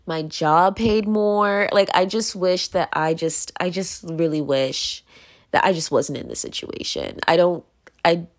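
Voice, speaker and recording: A woman's voice: fairly low pitch, sing-song, a little slow. A young woman talking straight to her audience, venting in a rambling, emotional way with many filler words, scared and close to tears. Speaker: vlogger. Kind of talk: casual venting monologue.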